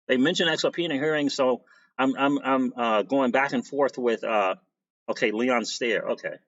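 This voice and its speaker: Male streamer, relaxed chatty host voice, slightly muffled home-mic audio. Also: mid-range voice, moderate pace. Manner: reads out viewer names and greets them, laughs often. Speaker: crypto livestream host. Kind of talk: casual livestream chat.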